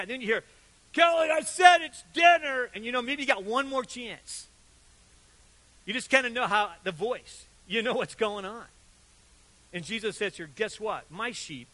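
An older man delivers a sermon with a high, bright and forceful voice. He tells stories with lively turns, switching between loud bursts and soft asides as he acts out what people said. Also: low-quality recording. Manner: animated storytelling, acts out quotes with sudden loud and soft turns. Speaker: pastor.

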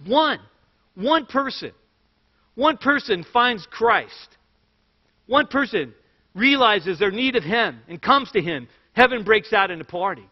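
A high-voiced man preaches a sermon, moving between scripture and animated personal stories with light jokes. His voice carries a long hall echo, and the recording sounds dull and lo-fi. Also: takes it slowly. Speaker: pastor.

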